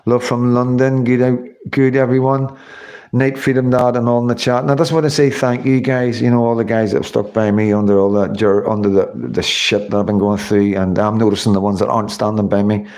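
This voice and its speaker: A man's voice: medium pitch, level tone, a little fast, darkish tone. A tired man, hosting a casual livestream sign-off and thanking viewers by name. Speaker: livestream host.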